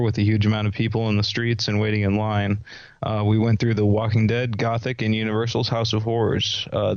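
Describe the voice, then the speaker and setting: A man's voice: on the low side, no room sound. A man co-hosting a podcast, reading a listener's trip report in a laid-back way. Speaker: podcast co-host. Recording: dull lo-fi mic.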